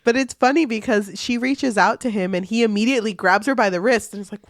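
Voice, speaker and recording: A young woman talks casually about a book on a podcast, giggling and quoting characters. Her voice is a little high. The sound is close and dry. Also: fast, no room sound. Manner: playful, giggly, quotes characters. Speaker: podcast co-host.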